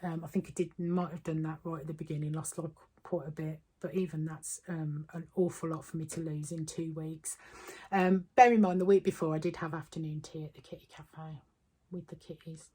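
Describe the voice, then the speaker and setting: A woman's voice: low voice, steady tone, a little fast, warm tone, breathy edge. A woman talking casually to camera as a weight-loss vlogger, chatty and upbeat, with frequent ums. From United Kingdom.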